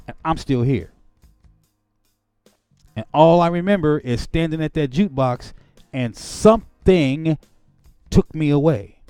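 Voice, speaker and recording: Male preacher with a high voice, passionate and emotional, swinging from hushed to heated, dry close sound. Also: smooth, no echo. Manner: emotional, swings from quiet reflection to angry outbursts. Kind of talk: impassioned sermon-like testimony.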